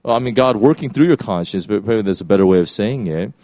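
A man's voice: mid-range voice, expressive, fast talker, a little mellow, no room sound. A man giving a conversational sermon, often restarting his sentences and acting out the quoted lines. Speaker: preacher.

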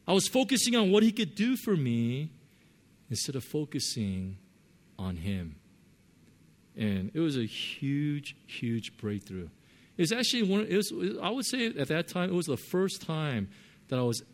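A man preaching a sermon, telling a personal story with lively swings between loud and soft earnest tones. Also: mid-range voice. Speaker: pastor.

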